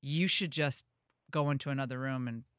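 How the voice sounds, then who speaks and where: A woman hosting a radio talk show, chatting in a casual, animated way with quick asides and restarts. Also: a bass voice, smooth, no echo, studio quality.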